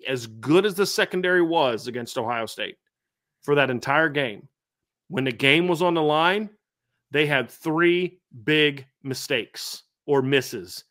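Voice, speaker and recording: A man's voice: on the high side, lively intonation, measured pace, a bit bright. A middle-aged man hosting a sports podcast, animatedly reeling off statistics with frequent restarts. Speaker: podcast host. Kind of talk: sports analysis chat.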